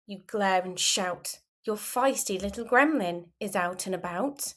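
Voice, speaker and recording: A woman reading a rhyming children's story aloud in a gentle, expressive, sing-song way. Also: medium pitch, measured pace, few pauses. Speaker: storybook reader. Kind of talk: children's read-aloud in rhyme.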